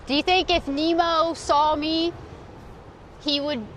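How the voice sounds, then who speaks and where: A woman's voice: sits high, steady tone, takes it slowly, a bit bright, a little hiss or hum. A woman livestreaming outdoors on a beach by a port, chatting casually in a giggly, rambling, self-mocking way. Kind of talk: casual live stream chat.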